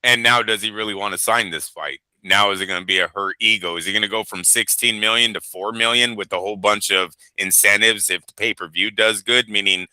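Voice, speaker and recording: Sharp-toned, animated man with a low voice. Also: brisk, hardly any pauses, clean tone, dry recording. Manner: animated, profane, rambling. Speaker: boxing show host. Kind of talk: casual chat.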